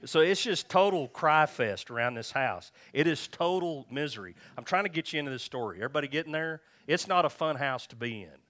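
A man's voice: fairly high pitch, lively intonation, brisk, hardly any pauses, a bit bright. A man preaching a conversational sermon, repeating himself and checking in with his listeners. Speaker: pastor.

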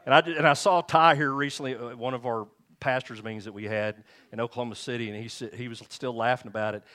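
A man's voice: mid-range voice, fairly even intonation, fast talker, sharp tone. A man pastoring a church, preaching a sermon and telling stories from his marriage in a conversational, chuckling way.

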